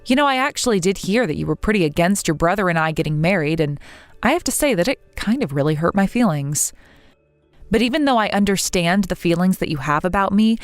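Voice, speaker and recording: A young wife in mourning , voiced by a woman reading a text story, who speaks earnestly, pleading and indignant. Her pitch moves a lot, and the sound is dry, with soft music in the background. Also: dry recording, close to an everyday voice.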